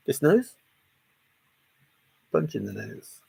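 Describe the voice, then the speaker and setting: A man's voice: medium pitch, lively intonation, slow, vocal fry, darkish tone, breathy edge, no room sound. A man hosting a casual livestream, reading chat and greeting viewers by name in a jokey, chatty way. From half Italian, half Scottish heritage.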